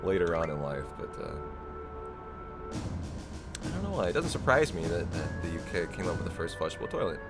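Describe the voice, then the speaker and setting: A man's voice: low voice, animated, a little fast, pauses often. A man chatting casually with his viewers while speedrunning a game live, rambling and laughing often. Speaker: speedrunner streamer. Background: game music.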